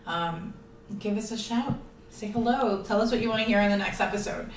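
A woman's voice: medium pitch, brisk, a little hiss or hum. A woman hosting a casual podcast, chatty and giggly, with lots of fillers. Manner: giggly, filler-heavy, upbeat. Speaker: podcast host. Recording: roomy, distant mic with faint ambience.

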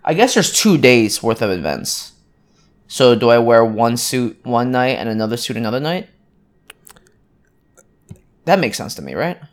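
Man in his thirties, co-host, mid-pitched voice, meandering casual storyteller full of ums. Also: sing-song, moderate pace, long pauses. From United States. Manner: rambling, with many ums and restarts. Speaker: podcast co-host. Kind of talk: casual chat.

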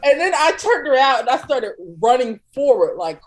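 Animated woman telling a story. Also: sits high, moderate pace, poor audio. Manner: animated, acts out her own panicked shouts. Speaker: podcast co-host. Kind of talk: casual storytelling.

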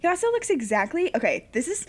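A young woman co-hosting a podcast in casual chat, animated and gushing, laughing often. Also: high voice, quick pace. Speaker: podcast co-host.

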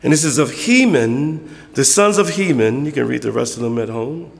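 A man preaching a conversational sermon as pastor, acting out church members in quick voices. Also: medium pitch, animated, creaky, long reverb tail.

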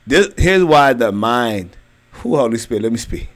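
A young adult man preaching a sermon, emphatic and repetitive, drawing key phrases out slowly. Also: mid-range voice, very animated.

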